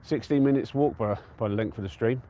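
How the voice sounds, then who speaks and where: Guy from england rambling on a hilltop live stream, chill and chatty, reading out the chat as he goes, middle pitch. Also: brisk, mellow, dull audio. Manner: chatty and easygoing, answers viewer comments aloud. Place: outdoors on a windy-free open hilltop at a trig point.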